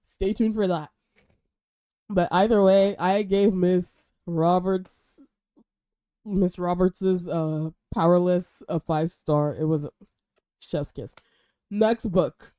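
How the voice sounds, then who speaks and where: A young woman chatting casually and excitedly while reviewing books she has read. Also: on the low side, slow pace, pauses often, smooth, dry recording, clean studio sound. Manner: gushing, chatty, animated. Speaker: book vlogger and podcast host. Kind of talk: casual book review chat.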